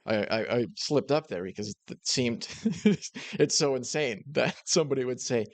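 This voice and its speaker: A man reacting to a clip in casual commentary, relaxed and a bit hesitant with chuckling asides. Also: mid-range voice, moderate pace, hardly any pauses, no room sound.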